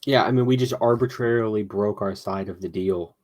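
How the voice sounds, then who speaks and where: A man's voice: on the low side, a little fast, darkish tone. A man co-hosting a casual political chat show, explaining his views in a matter-of-fact way. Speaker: podcast co-host.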